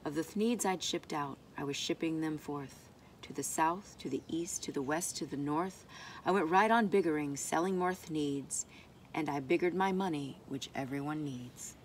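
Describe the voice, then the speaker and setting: A woman reading a rhyming picture book aloud in an expressive, rhythmic way. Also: sits low, normal speed, a little hiss or hum. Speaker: storybook reader.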